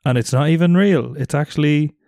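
A man's voice: a little high, a little fast, dark tone, dry recording, clean studio sound. A man in his thirties co-hosting a podcast, joking and swearing in casual chat. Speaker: podcast co-host.

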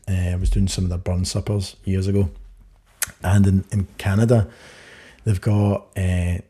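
A man's voice: fairly low pitch, mellow, husky. A man co-hosting a podcast, telling cheeky stories and jokes in casual chat and laughing at his own punchlines. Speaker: podcast co-host.

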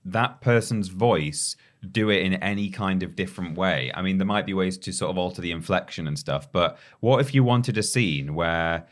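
A man's voice: low voice, normal speed. A man co-hosting a gaming podcast, chatting casually and slipping in playful impressions. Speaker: podcast co-host. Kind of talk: casual chat.

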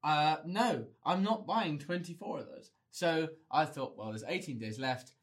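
A man's voice: fairly high pitch, a little slow. A man co-hosting a podcast in a studio, chatting in a playful, storytelling way. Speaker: podcast co-host. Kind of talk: casual chat.

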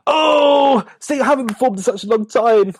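An English man with a slight lisp, a comedian chatting casually as a podcast guest and telling animated stories. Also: extremely high pitch, moderate pace. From England.

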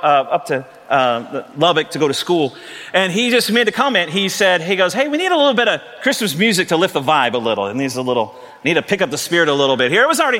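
A middle-aged man preaching a lively, joking sermon as pastor, rising to shouts. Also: on the high side. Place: church sanctuary. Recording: long reverb of a large hall.

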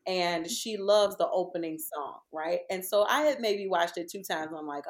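A woman in her thirties or forties with a mid-range voice speaks at normal speed with few pauses. As a podcast guest, she chats casually as an animated storyteller, laughing often.

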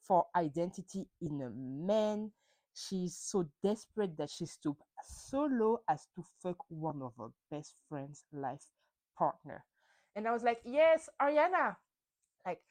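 Casting: young woman podcaster, swinging, expressive pitch, fired-up and swearing as she recaps. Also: poor audio. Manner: heated, profane ranting. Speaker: podcast host. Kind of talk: solo reality TV recap.

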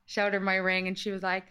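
A woman's voice: mid-range voice, sharp tone, clear, resonant tone. A woman, hosting a casual podcast chat and talking chattily with lots of fillers. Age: 30s. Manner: chatty, lots of fillers, many agreeing yeahs. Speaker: podcast host.

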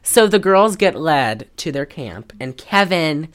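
A woman with a low voice talks through a movie's plot in a casual podcast chat. She tells the story in an animated way and fills it with "like.". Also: slow pace. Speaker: podcast co-host. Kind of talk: casual film recap chat.

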